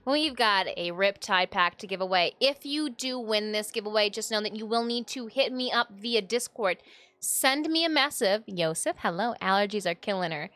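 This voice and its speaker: A woman's voice: medium pitch, animated, normal speed, fairly bright tone, no room sound. A woman in her thirties, a streamer in casual, playful chat with her viewers and her cat. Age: 30s. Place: home streaming room. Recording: dry close sound with music under it.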